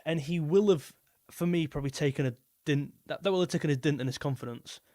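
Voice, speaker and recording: A man's voice: fairly high pitch, fast, warm tone, no echo, studio quality. A young man hosting a live football stream, chatting casually and rambling as he reads out viewer messages. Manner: rambling, repeats himself, reads super chats aloud.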